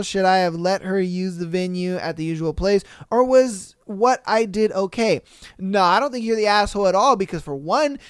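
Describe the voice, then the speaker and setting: A man hosting a podcast, reading listener stories aloud and reacting with animated, profane, mock-outraged asides. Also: high-pitched, smooth, no room sound, clean studio sound. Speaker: podcast host.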